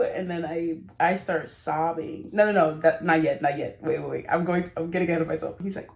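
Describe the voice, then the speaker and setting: A woman's voice: low-pitched, fairly even intonation, moderate pace, creaky, a little mellow. A woman vlogger telling a rambling, giggly story in casual confessional chat, often cutting herself off. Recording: roomy echo.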